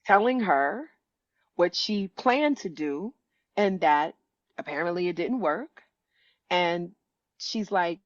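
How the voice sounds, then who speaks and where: Guest storyteller: woman, fifties, lower-pitched voice, dry slightly muffled sound, animated and earnest. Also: slow pace, pauses often, no room sound. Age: 50s. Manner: animated, acts out quoted voices with pitch jumps, many restarts. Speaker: author and educator, guest. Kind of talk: conversational storytelling.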